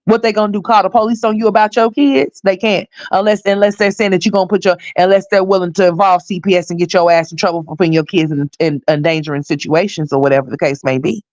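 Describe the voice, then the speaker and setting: A woman hosting a livestream, giving blunt, profane commentary and scolding directly, her voice hoarse. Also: on the low side, steady tone, fast talker, hardly any pauses, darkish tone, no echo, highs cut off. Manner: blunt, scolding, profane, talks straight to viewers.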